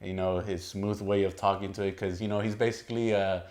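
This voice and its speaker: A man's voice: on the low side, fairly even intonation, a little fast, a little mellow. A man co-hosting a casual movie review chat, rambling with many fillers and restarts. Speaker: co-host.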